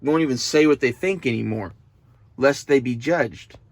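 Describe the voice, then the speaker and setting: A man's voice: medium pitch, normal speed, no echo. A young man, talking to the camera in a loose, profane, meandering monologue that turns emotional at times. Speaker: vlogger. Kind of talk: casual rambling monologue.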